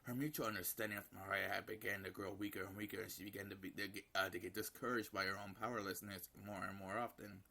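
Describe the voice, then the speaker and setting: Low creaky man reading a game aloud. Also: steady tone, fast talker, few pauses, bright, forceful tone. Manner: reading with slips and self-corrections. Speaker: gameplay narrator. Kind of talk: reading a visual novel aloud.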